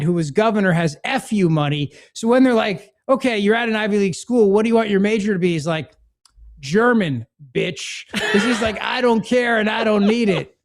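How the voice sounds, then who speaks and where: A man hosting a political talk show, sarcastic and mocking in tone. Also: high voice. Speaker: podcast host.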